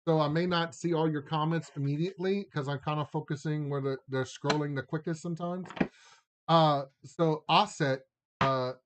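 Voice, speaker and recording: Louisiana man with a Cajun accent, slightly high pitch, casual rambling live-stream card reader. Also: steady tone, normal speed, background noise. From Louisiana, Lafayette area. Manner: chatty, rambling, drawling "y'all", laughs often.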